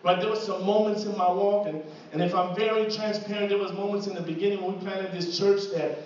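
A man preaching to his church as pastor, repeating words and asking "right?" as he builds to louder passages. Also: sits high, little pitch movement, brisk, slight background noise. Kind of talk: sermon. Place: church hall. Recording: echoey hall from far off, dull.

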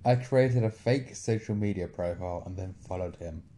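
A man co-hosting a podcast who reads out list entries between easy chat. His voice is low and mellow, and his replies are dry and short. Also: moderate pace, a little hiss or hum. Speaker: podcast co-host. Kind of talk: reading out list entries and chatting.

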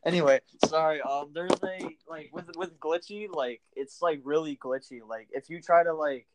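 Co-hosting a laid-back podcast conversation about a video game, a young man rambles, leans on filler words, and laughs frequently. He speaks at a moderate pace in a voice on the high side. The audio is very noisy.

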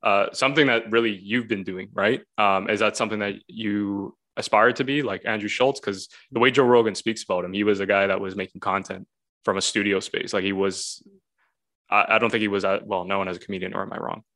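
A man hosting a podcast, chatting in a relaxed way and laughing easily. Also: on the low side, brisk. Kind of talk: casual podcast chat.

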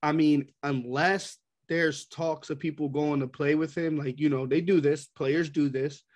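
A man's voice: on the high side, a little slow. A man co-hosting a casual sports talk, ranting heatedly and acting out quotes. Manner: animated, ranting, quoting people in voices.

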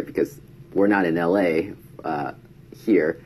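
Casual storyteller, male, deep husky voice, chatty delivery that acts out quoted lines. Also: takes it slowly, a little mellow. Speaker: vlogger.

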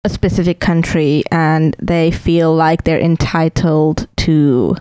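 A woman's voice: slow, clear, resonant tone, no room sound. A woman co-hosting a podcast, chatting expressively and laughing. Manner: expressive, laughing, rises high when exasperated. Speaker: podcast co-host. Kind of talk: casual chat.

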